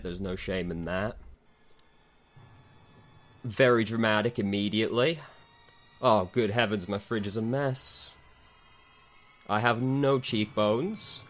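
A man's voice: on the low side, fairly bright tone. A man giving dry, sarcastic commentary over a game he dislikes, swearing freely. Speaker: game reviewer.

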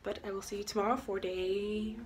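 A young woman vlogging casually in a relaxed, chatty way, a bit tired. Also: medium pitch, brisk, a little hiss or hum. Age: young adult. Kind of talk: casual vlog.

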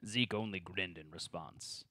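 A man's voice: low voice, measured pace, pushed and bright, no echo. A man reading the narration at a tabletop game table read and joking with the other players.

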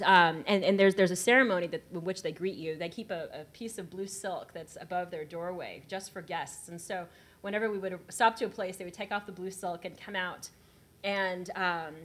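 Lively storytelling woman from Texas. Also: on the low side. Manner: animated, laughing, acts out quoted voices. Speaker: panel writer. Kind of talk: anecdotal storytelling on a panel.

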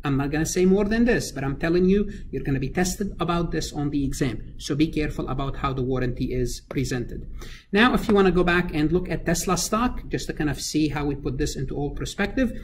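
A man's voice: fairly high pitch, a little fast, slight background noise. Man lecturing, thinking aloud over numbers. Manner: thinks aloud while working numbers, many fillers and restarts. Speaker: accounting lecturer. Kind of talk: recorded screen-capture lecture.

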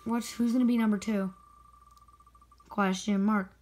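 A woman hockey video creator giving excited spin-the-wheel commentary with indignant outbursts. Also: mid-range voice, measured pace, a little hiss or hum, poor audio.

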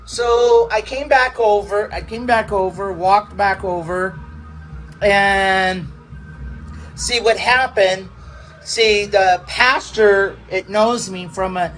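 A man, a pastor, telling a personal testimony in a halting, repetitive way, circling back over the same phrases. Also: high voice, a bit bright, poor audio.

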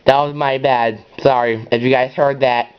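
On his own gameplay channel, a man chats casually and ramblingly at normal speed, his mid-pitched voice clear and resonant. He gets worked up and leaps into high yells, though the recording itself sounds dull and lo-fi.

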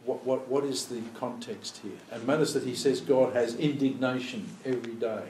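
A man's voice: medium pitch, steady tone, moderate pace, darkish tone, a little hiss or hum. Man teaching a Bible study in a roomy hall. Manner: thinks aloud, poses rhetorical questions, acts out quoted prayers. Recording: roomy, distant mic, faint room ambience.

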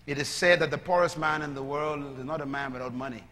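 A man preaching a sermon as a pastor, moving from calm teaching to loud, shouted preaching. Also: fairly high pitch, fast talker. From Bahamas. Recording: long hall reverb.

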